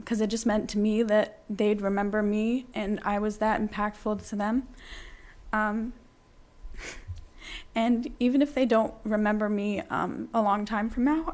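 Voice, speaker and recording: A teenage girl speaks at a school committee meeting, reading out a heartfelt reflection. Her pitch stays flat and even, and she fills pauses with frequent ums. Her delivery is earnest and a little halting. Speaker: high school student speaker. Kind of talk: prepared reflection at a public meeting.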